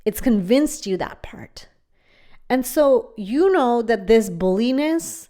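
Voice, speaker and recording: A woman's voice: a little high, lively intonation, slow pace, warm tone. A woman hosting a self-help podcast, talking straight to the listener in an earnest, conversational way and often checking that they follow. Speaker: podcast host and coach.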